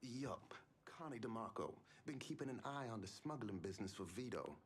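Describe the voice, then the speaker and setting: An actor playing a blunt, streetwise mob crew boss in a crime video game, heard as game audio during a live stream. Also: male voice, mid-range voice, expressive, moderate pace, slight background noise, natural voice. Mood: matter-of-fact.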